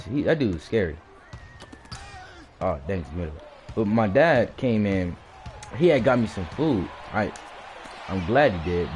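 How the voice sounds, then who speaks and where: A man telling a personal story in a casual, animated way, often restarting his sentences and acting out the blows with sound words. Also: on the low side, slight background noise.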